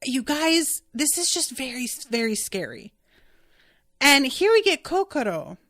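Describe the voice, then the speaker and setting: A woman's voice: high-pitched, big pitch swings, a little slow, fairly bright tone, no echo, clean studio sound. A woman hosting a solo podcast recap, chatting candidly, laughing often and acting out quoted lines. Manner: chatty, candid, swears when quoting. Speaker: podcast host. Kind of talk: solo episode recap, reading listener chat.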